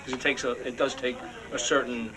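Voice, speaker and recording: A man's voice: mid-range voice, little pitch movement, brisk, a crowd in the background. Hesitant, stammering man in studio banter. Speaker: radio show engineer.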